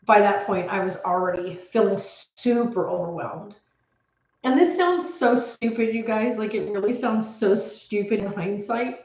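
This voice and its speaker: A woman's voice: mid-range voice, a little mellow, roomy sound, highs cut off. A woman vlogging from her home office, retelling a stressful day in a rambling, anxious way with many restarts, emotional and close to tears. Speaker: homestead vlogger. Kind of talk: casual storytelling to camera.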